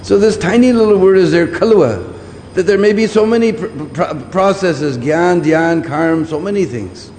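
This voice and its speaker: In a hall with long reverb and faint background noise, a preacher lectures on scripture at a moderate pace. His voice sits high and is a little mellow. He restates his points and often asks "hmm?" to make sure listeners follow.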